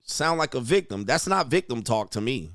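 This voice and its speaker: A man's voice: mid-range voice, very animated, moderate pace, a bit bright, slight background noise. A man hosting a reaction commentary, talking in a blunt, mocking and exclaiming way. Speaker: host.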